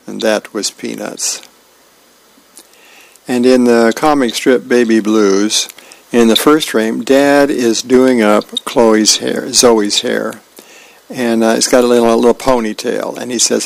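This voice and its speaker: A man reading a newspaper aloud as a volunteer reader, friendly and unhurried, with small slips he corrects. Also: medium pitch, level tone, vocal fry, no room sound, low-quality recording.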